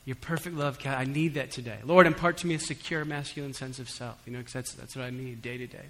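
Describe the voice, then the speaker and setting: A man preaching a sermon in a church hall, conversational with humorous asides, swinging between soft reflection and emphatic calls to the congregation. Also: mid-range voice, steady tone, fast. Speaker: pastor. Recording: long hall reverb.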